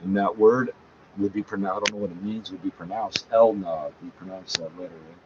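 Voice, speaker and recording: A man's voice: deep voice, steady tone, brisk. A man reading a page aloud and talking back to it, scornful, correcting it and swearing often. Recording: dull lo-fi sound, faint background noise.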